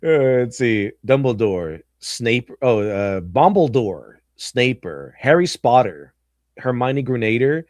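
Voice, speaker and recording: A man's voice: mid-range voice, sing-song, slow, a little mellow, no echo, studio quality. A man hosting a casual livestream, reading memes aloud, laughing often and slipping into silly voices. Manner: giggly, goofy, slips into silly voices. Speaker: stream host.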